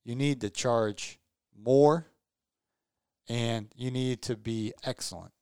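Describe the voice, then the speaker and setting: A man's voice: mid-range voice, slow, darkish tone, clear, resonant tone, no echo, studio quality. A tired man hosting a casual podcast chat, rambling and repeating words, upbeat and joking. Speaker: podcast host.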